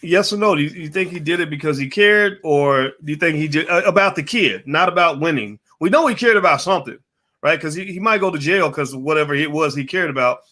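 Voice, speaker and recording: A man hosting a casual online panel discussion, animated, putting questions to his panelists and to the chat. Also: on the high side, fairly quick. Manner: animated, asks the audience for yes or no votes. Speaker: host of a panel show.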